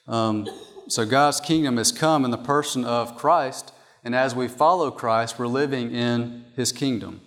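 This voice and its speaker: A man's voice: mid-range voice, a little slow. A man preaching a sermon from an outline, emphatic and repeating his key points. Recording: long hall reverb.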